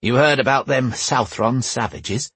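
A man's voice: medium pitch, unhurried, fairly bright tone, slightly rough, no room sound. A male narrator voicing a grumpy, grey-haired old cobbler who talks bluntly and grumbles. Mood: gossiping. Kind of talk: audiobook character voice.

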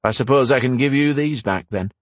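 A man's voice: medium pitch, brisk, dry recording, voice pushed up, lightly acted. A man voicing a loyal knight, formal and courteous in speech. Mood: tender.

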